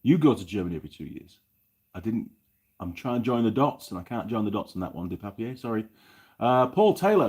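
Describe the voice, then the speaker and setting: A middle-aged Kiwi hosts a casual live stream from his home workshop, wandering between mechanical tips and viewer comments he reads out loud in a chatty, rambling way. He sounds very animated and brisk, with a low, husky, somewhat dark voice.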